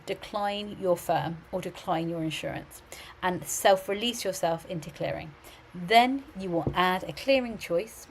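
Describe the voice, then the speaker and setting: A middle-aged woman, a university admissions adviser giving chatty, animated advice on a live stream, often restarting her sentences. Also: lowish voice, a little hiss or hum, low-quality recording.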